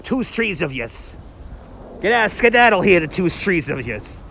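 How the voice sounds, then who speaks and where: A man doing a brash New York street tough, gruff, loud, shooing people off, raised pitch, a noisy street hum in the background. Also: sing-song, measured pace, full character voice.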